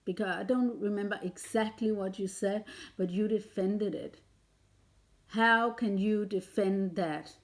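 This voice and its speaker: A woman's voice: mid-range voice, unhurried. A woman vlogger delivering a heated, confrontational rant straight at her listener, swearing often. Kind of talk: angry direct-to-camera rant.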